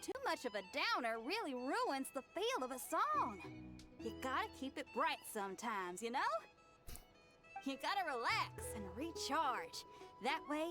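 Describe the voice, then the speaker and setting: A woman's voice: high-pitched, big pitch swings, unhurried, over music. A woman voicing an upbeat young female rock musician with a Southern American accent, breezy and easygoing, in a video game.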